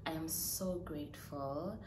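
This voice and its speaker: A young South African woman vlogging in a casual, heartfelt way, chatty and emotional with hesitant pauses. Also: low-pitched, background noise. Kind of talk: casual personal vlog. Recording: roomy echo with clear background ambience.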